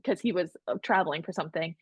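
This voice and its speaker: This podcast guest talks quickly in a lowish voice with a breathy edge, recounting her story in a candid, animated, casual way. When she repeats what others said, she switches voices to act them out. There's no echo.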